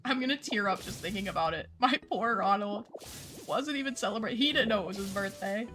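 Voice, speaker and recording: A chatty woman streamer talks casually through a gaming session, sprinkling her speech with "like" and "you know." Her voice sits in a middle register, and game music plays clearly behind her. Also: medium pitch, brisk. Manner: chatty, lots of "like" fillers. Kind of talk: casual gameplay chat with chat.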